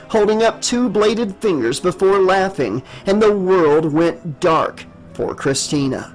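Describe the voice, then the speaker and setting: A man reads his horror novel aloud with steady, dramatic pacing. His voice sits high for a man. Faint music plays beneath the narration. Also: slow, hardly any pauses, rough recording. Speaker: author and narrator. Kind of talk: audiobook narration.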